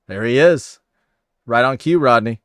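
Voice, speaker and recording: Hosting a casual livestream, a man reads viewer comments and thanks people by name in an upbeat, friendly way. His mid-range voice is fairly bright and unhurried, captured in clean studio sound without echo.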